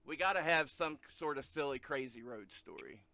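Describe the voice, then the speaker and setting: A man hosting a podcast, chatting casually and telling a story with animated energy. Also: a little high, normal speed, gravelly. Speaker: podcast host.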